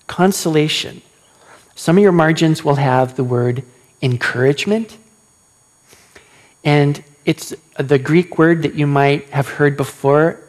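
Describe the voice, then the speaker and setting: A man preaching a sermon as pastor, animated and questioning his listeners, acting out quoted lines. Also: fairly high pitch.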